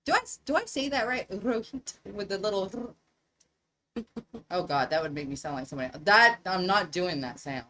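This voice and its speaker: A middle-aged woman with a Southern US accent, hosting a casual livestream chat, animated and laughing often. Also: lowish voice, normal speed, a little hiss or hum, poor audio. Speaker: livestream host.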